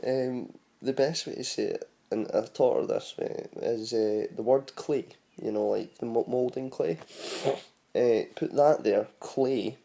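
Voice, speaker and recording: A man's voice: mid-range voice, a little slow, creaky, dark tone. A man with a Scottish accent, chatting casually as he explains how to say local words and spells them out letter by letter. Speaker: vlogger teaching Scottish words.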